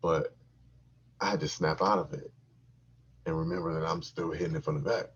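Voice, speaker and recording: On a dull, lo-fi recording, a man with a husky, rumbling low voice hosts a podcast at normal speed. He spins a crude, profane comic tale with lots of animation, repeating lines to get laughs.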